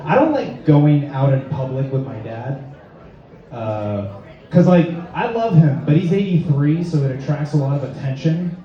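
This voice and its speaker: A young man doing a stand-up set with a rambling, hesitant delivery full of filler words and awkward, deadpan asides. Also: on the high side. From Lexington, Massachusetts. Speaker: stand-up comedian. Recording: echoey, dull sound from a distant mic.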